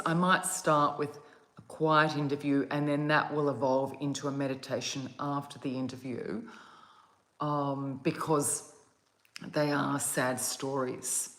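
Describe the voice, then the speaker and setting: Female meditation host, casual home vlog, slow, gentle and meandering, roomy phone sound. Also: extremely low pitch, level tone. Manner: soft, gentle and meandering, with yawns. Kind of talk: casual chat to viewers. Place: at home, outdoors on a calm day.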